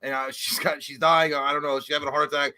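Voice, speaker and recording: A man's voice: on the high side, level tone, fast talker, bright, forceful tone. A man co-hosting a casual live-stream chat, telling a story with lots of swearing and acted-out voices. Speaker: podcast co-host.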